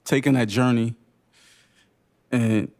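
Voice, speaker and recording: A young man speaking unscripted at a public briefing, sharing his own story in short, halting, emotional phrases. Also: medium pitch, steady tone, a little mellow. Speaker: panelist sharing lived experience. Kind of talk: unscripted personal testimony at a briefing.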